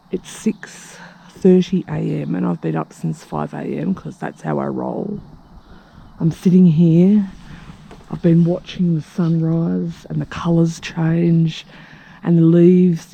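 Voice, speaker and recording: Australian woman vlogger, outdoors, chatty and cheeky, with a dark, mellow, raspy voice. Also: sits low. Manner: chatty, cheeky, drops into asides. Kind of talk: casual vlog monologue. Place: outdoors at a rural retreat at dawn.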